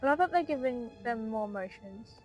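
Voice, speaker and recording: A woman's voice: a little high, lively intonation, brisk, a little mellow, dull audio, faint music behind. A woman giving casual, emotional commentary on her gameplay and chatting to her viewers. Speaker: gaming video creator.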